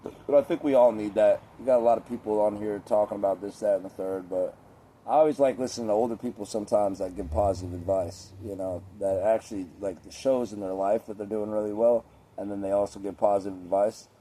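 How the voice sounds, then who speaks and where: A young man rambles in a relaxed, chatty monologue, swearing freely and padding his talk with fillers. His voice sits a little low and sounds mellow and warm. A faint ambient hum runs behind him. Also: fairly quick. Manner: laid-back, profane, chatty with lots of fillers.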